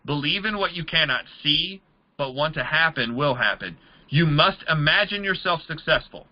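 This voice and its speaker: A man's voice: a little high, animated, moderate pace, lo-fi sound. A man leading a motivational sales training, talking in an emphatic, repetitive coaching manner. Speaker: MLM trainer.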